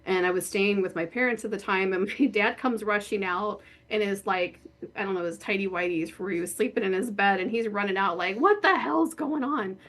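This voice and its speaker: A woman guest telling a personal story in a casual, animated way, laughing often and saying "like" a lot. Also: mid-range voice, a little fast. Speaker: guest, horror author and spirit board practitioner.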